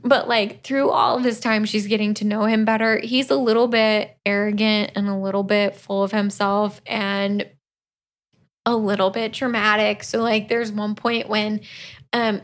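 A woman co-hosting a casual book podcast. She talks at a slow, easy pace. She retells the plot and slips in quick, lively quoted asides. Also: medium pitch. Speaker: podcast co-host. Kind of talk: casual book review chat.

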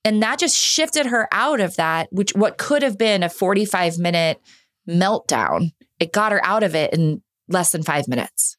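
A woman in her thirties speaks as a podcast guest, her voice sitting a little low for a woman. She tells personal stories candidly and with animation, often breaking off and restarting her sentences. The recording is dry and close, with no room sound. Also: moderate pace, no room sound. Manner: earnest and animated, frequent restarts. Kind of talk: candid conversational storytelling.

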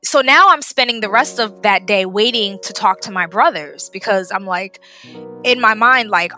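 A woman guest telling a personal story, emotional and animated as she retells it. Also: medium pitch, moderate pace, soft background music.

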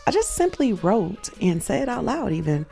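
A woman's voice: mid-range voice, sing-song, normal speed, creaky, mellow, faint music behind. A woman hosting a show, earnestly telling a personal faith story, reflective and emotional at its peaks.

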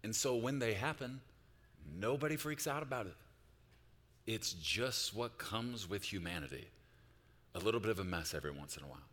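Male pastor, lively pitch, bright tone, preaching in a big reverberant church hall. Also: normal speed. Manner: swings from hushed reflection to loud, rising exhortation. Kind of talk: sermon.

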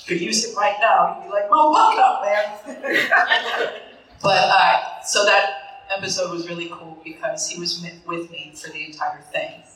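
A woman's voice: fairly low pitch, little pitch movement, moderate pace, a bit bright. A woman actress on a convention panel, chatting in a jokey, rambling way and laughing often. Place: convention stage. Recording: echoey hall, voice from far off.

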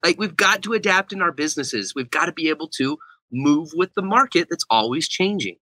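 A young man, an author and speaker, telling a story as a guest in an interview. He talks animatedly and acts out the quotes. His voice is very bright and forward, recorded close with no room sound. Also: a little high, lively intonation, a little fast, no echo, rough recording. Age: young adult.

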